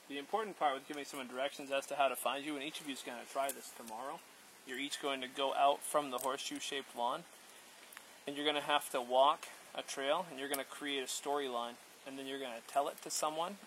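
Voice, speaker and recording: A man telling a story aloud to a group, playful and animated, speaking directly to his listeners. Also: mid-range voice, a little hiss or hum, low-quality recording. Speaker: storyteller and outdoor instructor.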